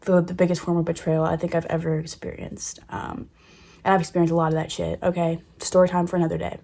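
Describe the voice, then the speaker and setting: A young woman in her twenties with a lowish voice recounts a personal ordeal in a candid storytime monologue. Her pitch stays fairly flat. She speaks openly and curses freely as she goes. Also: quick pace, vocal fry. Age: 20s. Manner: candid and emotional, swears freely. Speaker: vlogger.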